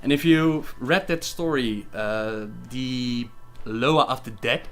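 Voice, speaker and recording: A man on a casual livestream who reads viewer questions aloud and answers them in a chatty, relaxed way. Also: medium pitch, slow, faint music behind. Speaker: gaming lore livestreamer.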